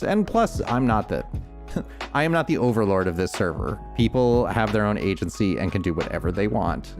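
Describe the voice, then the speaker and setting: Low-voiced northeast us guy rambling over his game stream, lots of restarts. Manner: rambling, thoughtful, frequent restarts. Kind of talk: casual gameplay chat.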